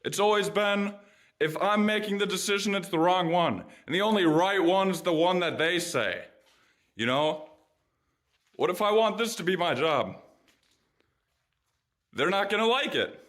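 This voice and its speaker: Young guy vlogging, swears a lot, bright voice that jumps all over the place. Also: high-pitched, expressive, measured pace, pauses often. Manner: blunt and profane, swings from joking to frustrated ranting. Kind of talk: casual personal vlog.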